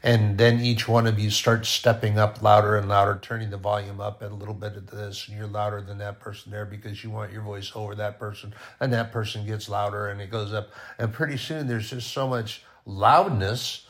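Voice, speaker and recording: A man giving an informal, conversational sermon, often dropping to a quiet voice. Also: on the low side, steady tone, moderate pace. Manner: conversational, with sudden soft drops to near-quiet. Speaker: preacher.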